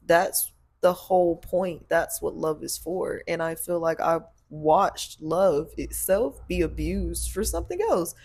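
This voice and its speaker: Gravelly-voiced blunt woman host. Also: fairly low pitch, unhurried, few pauses, a little mellow. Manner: blunt, preachy, laughs often. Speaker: podcast host and spiritual practitioner. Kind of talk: casual chat.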